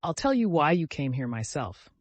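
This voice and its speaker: Brief: male narrator playing a furious, humiliated gentleman, high and loud, shouting at a servant, dry studio sound. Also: big pitch swings, normal speed, dry recording. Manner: shouting, agitated, repeating himself.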